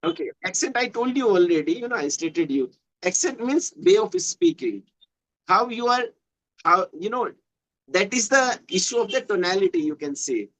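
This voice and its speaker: His high, sing-song voice has a fairly bright tone and a moderate pace. He is from western Uttar Pradesh, speaks Hindi natively, and has an Indian English accent, patiently explaining things in casual practice and repeating words as he gropes for phrasing, all on a low-quality recording.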